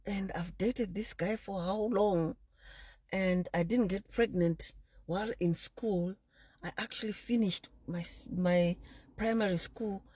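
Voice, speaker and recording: A woman's voice: mid-range voice, measured pace, slightly rough, dry recording. A woman telling a personal story to an audience, speaking directly to them and acting out the people in it. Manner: animated storyteller who acts out quoted people.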